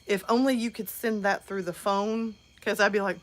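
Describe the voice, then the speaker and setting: A woman in her thirties talks in a loose, animated way as she hosts a live stream. She chats casually and answers viewers' comments as they come in, at a middling pitch for a woman. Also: moderate pace.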